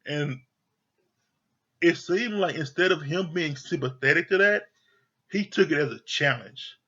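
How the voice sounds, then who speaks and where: A man's voice: a little high, animated, measured pace, bright, forceful tone, highs cut off. A man giving a heated, profane rant reviewing a reality TV show, exasperated and repeating his points for emphasis.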